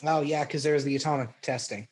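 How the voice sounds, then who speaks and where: A man's voice: on the high side, steady tone, quick pace. A man in his thirties co-hosting a podcast, rambling in an easygoing way with chuckles. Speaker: podcast co-host. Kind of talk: casual banter.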